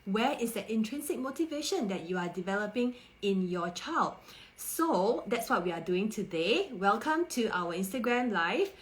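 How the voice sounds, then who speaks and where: A woman's voice: mid-range voice, lively intonation, normal speed, poor audio. Parenting coach, female, thirties, live-stream host, coaxing and understanding. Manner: warm-toned rhetorical questions, coaxing and empathetic. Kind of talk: live stream talk to viewers.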